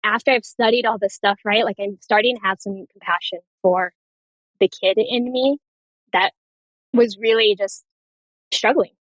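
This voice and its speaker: A woman's voice: mid-range voice, moderate pace, pauses often, a bit bright, no room sound, poor audio. A woman nurse practitioner speaking as a podcast guest, candid and storytelling, laughing often in casual chat.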